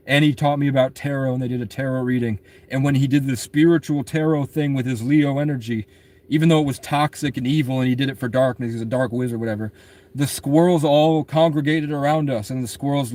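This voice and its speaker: Young man, mid-pitched, rambling and profane, unscripted storytelling rant. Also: darkish tone. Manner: rambling, profane, laughs at his own stories. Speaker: musician telling his own story.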